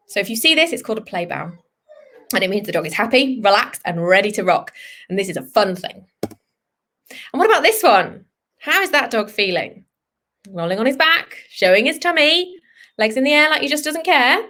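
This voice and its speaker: A chatty woman leads a live online lesson for children, full of questions and playful asides. Her voice sits a touch high and lively, and the sound is a home video call. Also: a little fast. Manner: animated, chatty, acts out dog voices. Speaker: vet teaching kids.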